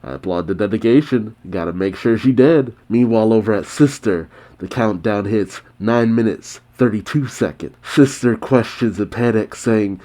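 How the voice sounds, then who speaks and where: A man's voice: on the low side, moderate pace, few pauses, warm tone. A man hosting a manga reaction, reading a chapter with enthusiastic commentary and frequent laughter.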